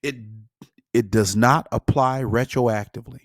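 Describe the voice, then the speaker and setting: A man co-hosting a casual political talk show, with a middle pitch. He reads news items at a measured pace and drops in wry remarks between them. The recording is dry and close. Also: fairly even intonation, no room sound. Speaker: podcast co-host. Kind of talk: casual political chat, reading news aloud.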